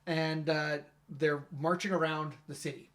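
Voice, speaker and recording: A man interviewing a guest in a casual conversation, affirming and chatty, quick to laugh. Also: fairly high pitch, little pitch movement. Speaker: interviewer and youth ministry pastor.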